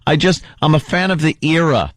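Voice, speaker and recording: A man's voice: fairly high pitch, animated, a little fast, dry recording. Guy on talk radio, laughing his way through a story, doing little voices, dry close studio mic. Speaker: radio show co-host. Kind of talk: casual radio banter.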